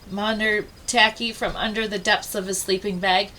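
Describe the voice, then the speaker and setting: A woman reading a children's storybook aloud with expressive delivery and dramatic pauses. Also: fairly high pitch, rough recording. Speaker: storybook reader.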